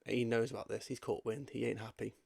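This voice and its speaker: A man's voice: medium pitch, flat delivery, fast, gravelly, a little mellow, no echo. A man co-hosting a casual podcast chat, telling playful made-up scenes. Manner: spins playful storytelling scenes. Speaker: podcast co-host.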